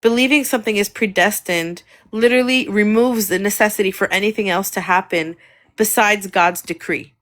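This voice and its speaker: A woman's voice: mid-range voice, moderate pace, fairly bright tone. A woman guest on a livestream, earnestly explaining and defending her views at length.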